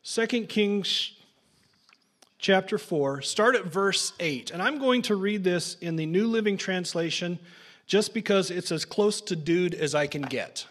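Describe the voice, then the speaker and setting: High-pitched guy preaching, reads scripture, cracks little jokes in between. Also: measured pace, fairly bright tone. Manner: casual, jokey asides between dramatic reading. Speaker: pastor. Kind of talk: sermon with scripture reading.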